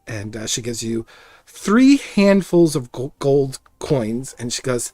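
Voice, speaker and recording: Relaxed game master narrating. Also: mid-range voice, slow pace, no room sound, studio quality.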